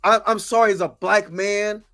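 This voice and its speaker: An American man hosts a livestream, venting frustration in impassioned commentary. His voice sits high and sounds a bit bright, with a steady tone and moderate pace, and he repeats himself while thanking viewers by name.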